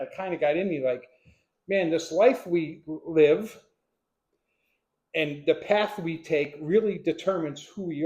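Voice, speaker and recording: An older man from Pennsylvania tells stories to a live audience in a lively way, acting out the voices of the people in them. His voice sits a little high and sounds mellow, and the room echoes around him. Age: 60s. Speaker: speaker telling his life story. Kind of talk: storytelling talk to a live audience.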